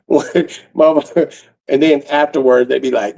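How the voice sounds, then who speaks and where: Gravelly man rambling on a livestream. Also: a little high, sing-song, normal speed, a little mellow, low-quality recording. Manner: loose, profane, rambling, laughs often. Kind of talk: casual late-night livestream chat.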